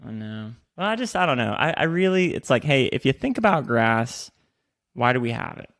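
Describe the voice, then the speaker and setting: Podcast co-host, male, gravelly, jokey and profane, casual banter. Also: medium pitch, sing-song, fairly quick, fairly bright tone. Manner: joking, swears freely. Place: in Austin.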